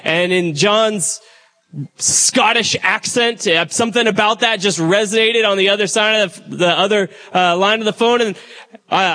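A man's voice: sits high, moderate pace, bright, forceful tone. A man, the church's pastor, chatting to the congregation as he introduces a guest speaker. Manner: conversational, addresses the crowd directly.

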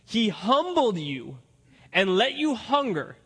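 High, lively male pastor preaching. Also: takes it slowly, slightly rough, long reverb tail. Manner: animated, acts out the characters' lines. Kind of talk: sermon.

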